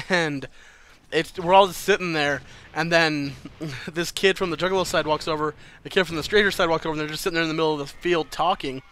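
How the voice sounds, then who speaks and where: A man's voice: fairly high pitch, fairly even intonation, fairly quick, fairly bright tone, slight background noise. A man casually telling a personal story to camera, chatty and loose, swearing freely and laughing between lines.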